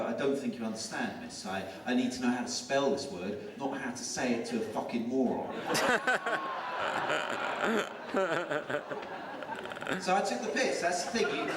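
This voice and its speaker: An English man delivers deadpan stand-up one-liners on a comedy club stage. He sounds set back from the microphone, and the room gives his voice a heavy echo. Loud noise from the venue runs under his set. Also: medium pitch. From England. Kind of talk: stand-up routine. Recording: roomy distant live club recording with loud crowd noise.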